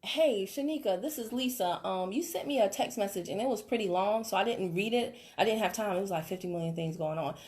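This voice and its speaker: A woman's voice: mid-range voice, fairly quick, few pauses, a little mellow, close to an everyday voice. A woman playing a busy working mom customer who hesitates and rambles through a sales call role-play. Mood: distracted.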